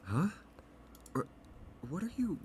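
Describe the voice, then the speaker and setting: A man's voice: high voice, very animated, takes it slowly, a little mellow, a little hiss or hum, heavily acted. An actor voicing a confused young man in a video game, hesitant and baffled, full of "huh" and "uh". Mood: puzzled.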